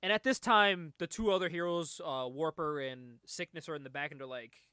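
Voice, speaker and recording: A man with a fairly high voice hosts a comic book podcast, talking through a story in a loose, rambling way. He laughs often and swears casually as he goes. The sound is dry, with no room echo. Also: moderate pace, bright, forceful tone, clear, resonant tone. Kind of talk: casual comic review chat.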